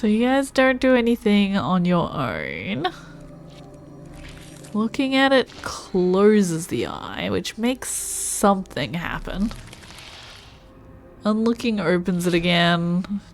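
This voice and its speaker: A woman's voice: mid-range voice, big pitch swings, slow, pauses often, faint music behind. A woman streaming a video game, thinking aloud and musing to herself as she plays. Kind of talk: casual gameplay commentary.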